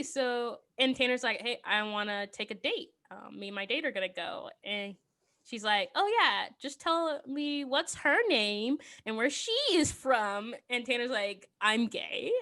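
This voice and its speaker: A woman co-hosting a podcast, casually recapping a film with voiced quotes and a lot of laughter. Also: a little high. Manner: animated storytelling with voiced quotes and frequent laughter. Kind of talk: casual chat.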